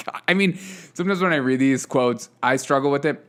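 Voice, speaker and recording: A man's voice: mid-range voice, normal speed, pauses often, a bit bright. A man hosting a political commentary show, reading headlines and making sarcastic asides, often laughing between stories. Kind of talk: casual news commentary.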